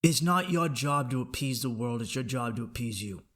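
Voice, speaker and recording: A man hosting a comedy podcast, delivering a profane, animated rant and acting out other people's voices in quotes. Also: medium pitch, moderate pace. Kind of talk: ranting comedic monologue.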